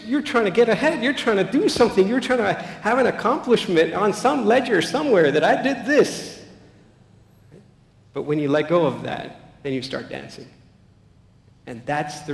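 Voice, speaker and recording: A man's voice: high voice, creaky. Man telling stories in an echoey hall. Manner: animated, anecdotal, acts out quotes, soft-spoken at key points. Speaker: speaker giving a talk. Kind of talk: storytelling public talk. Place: large hall. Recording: echoey hall with long reverb.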